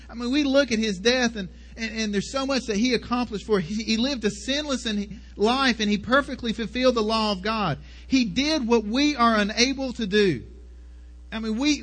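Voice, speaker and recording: A man with a very high voice preaches a sermon. He speaks earnestly and often repeats words as he restarts his sentences. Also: fairly bright tone.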